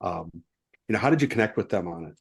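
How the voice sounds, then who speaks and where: A man's voice: low-pitched, animated, a little fast, vocal fry, slightly rough. A man hosting a podcast, asking an earnest, roundabout interview question. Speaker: podcast host.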